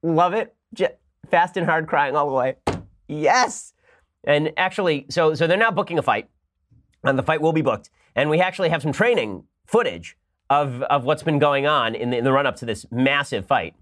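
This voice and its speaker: A man hosting a political podcast, reading an ad and giving sarcastic, animated commentary. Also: fairly high pitch, normal speed. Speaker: podcast host. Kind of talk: fast political commentary with ad read.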